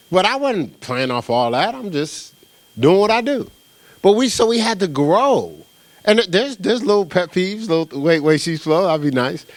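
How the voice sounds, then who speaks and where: With a high voice at a moderate pace and no room sound, a middle-aged pastor from New Jersey gives a sermon. He narrates stories animatedly and casually, conversational throughout, and often asks "right?"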